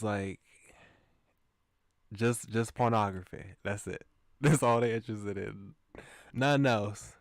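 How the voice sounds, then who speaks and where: A man's voice: lowish voice, steady tone, a little slow, long pauses, no room sound, studio quality. A man streaming a visual novel, reading it aloud with chuckling, musing asides. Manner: chuckling, musing asides between read lines.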